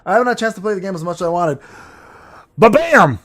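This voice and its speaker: He talks very fast in a high-pitched voice, a gaming streamer reading his chat. The livestream chatter is casual, full of crude jokes and rambling between plays.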